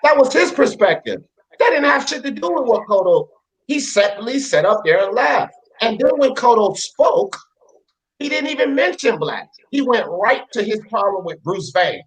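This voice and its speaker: A man rants on his live panel show. His voice sits high and swings widely in pitch. He gets heated and profane, repeating lines to drive them home. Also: sing-song, moderate pace, rough recording. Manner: fired up, repetitive, profane. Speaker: host of a boxing talk show.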